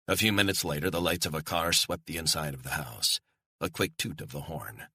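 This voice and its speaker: Deep, husky male thriller narrator. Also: pushed and bright, dry recording. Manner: measured, suspenseful reading. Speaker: audiobook narrator.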